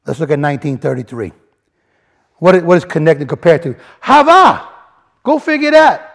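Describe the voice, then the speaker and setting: Animated man preaching, lively high voice. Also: normal speed, vocal fry. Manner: animated, repeats and restarts, rising emphasis, colloquial grammar. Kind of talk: sermon teaching from word studies.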